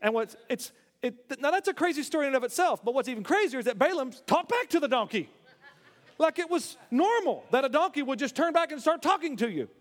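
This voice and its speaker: A male pastor delivers a sermon in a fairly high voice, retelling the story with lively acted-out character voices. He often trips over and restarts his phrases. The sound carries a long reverb, as in a big hall. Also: fast.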